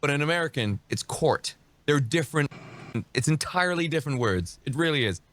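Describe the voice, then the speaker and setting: A man's voice: fairly high pitch, animated, fast, fairly bright tone. A man streaming reaction commentary, mocking and sarcastic, dropping profanity as he talks over a video.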